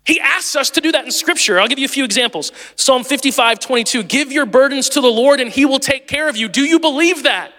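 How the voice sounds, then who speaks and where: High, bright-voiced pastor in a hall. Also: male voice, fast talker, hardly any pauses. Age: 30s. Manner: conversational and animated, laughs easily. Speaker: lead pastor. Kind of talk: sermon.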